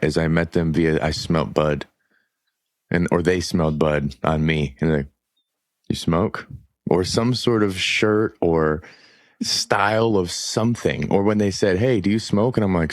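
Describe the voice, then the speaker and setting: A man's voice: low voice, moderate pace, no room sound, studio quality. A man hosting a podcast, talking casually in a laid-back, slangy way. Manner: laid-back slangy, says dude a lot. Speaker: podcast host. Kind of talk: casual chat.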